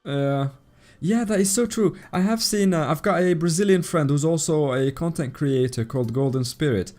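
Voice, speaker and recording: A man with a non-native English accent streams a game, his voice warm and mellow. He chats in a relaxed, easy way and reads out and thanks his viewers in chat. Soft game music plays faintly behind him. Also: a little high, normal speed. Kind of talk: casual live-stream commentary while playing.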